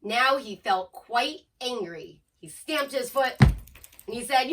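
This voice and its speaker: Slow expressive woman reading picture book aloud. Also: on the high side, slight background noise. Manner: expressive, asks listeners questions. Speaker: storyteller.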